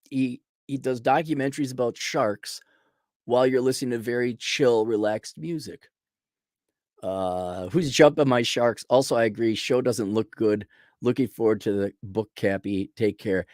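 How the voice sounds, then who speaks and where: A man's voice: mid-range voice, measured pace, no echo, clean studio sound. A man hosting a live stream, giving sarcastic, scornful commentary in a casual rant with frequent restarts.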